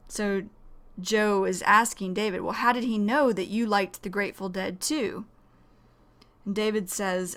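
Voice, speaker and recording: Slow, patient woman teaching English. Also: medium pitch, steady tone, a bit bright. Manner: explains words slowly, repeating them. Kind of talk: slow, careful vocabulary lesson.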